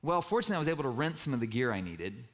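A man giving a sermon-style personal story to a room, lively and self-mocking, acting out the dialogue. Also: medium pitch, rapid-fire. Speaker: speaker telling a personal story to an audience. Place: room with a live audience.

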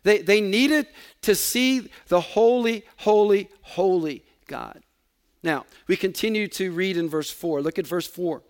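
A man preaching with a high-pitched voice. He repeats key words for emphasis and lets his voice sink low at the ends of phrases. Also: unhurried, clear, resonant tone. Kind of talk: sermon.

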